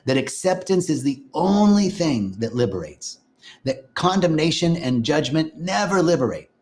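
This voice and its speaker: A middle-aged man teaching on a live stream, greeting viewers by name and speaking in a gentle, sing-song way. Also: fairly high pitch, very animated, normal speed. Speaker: livestream host and spiritual teacher.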